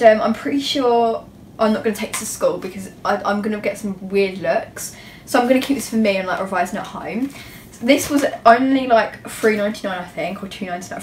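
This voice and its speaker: A woman's voice: mid-range voice, roomy sound, far from the mic, slight background noise. A teenage girl, chatting in a gushing, self-mocking way as she shows off school supplies in a casual vlog. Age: teens. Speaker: YouTuber.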